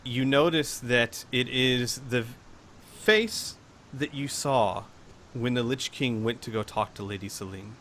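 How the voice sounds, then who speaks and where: A man narrating a tabletop role-playing game as game master, in a dramatic, deliberate storytelling manner. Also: medium pitch, fairly bright tone, a little hiss or hum.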